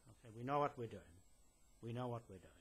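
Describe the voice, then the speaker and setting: This land claimant speaks directly to camera to a police detective, indoors in a building. His mid-range voice is expressive, a bit bright and husky, and a little fast. The delivery is rambling, with many fillers and restarts, and insistently lecturing.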